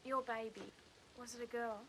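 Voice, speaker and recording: An actress playing a young mother in a TV drama, soft and emotional. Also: fairly high pitch, steady tone, normal speed, a little hiss or hum, lightly acted. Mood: earnest. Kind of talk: TV drama acting.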